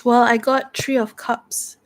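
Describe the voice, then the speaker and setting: A woman talks herself through a solo tabletop game, pausing and restarting as she reads her cards. She speaks slowly in a slightly high voice. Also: level tone. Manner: hesitant, thinking aloud.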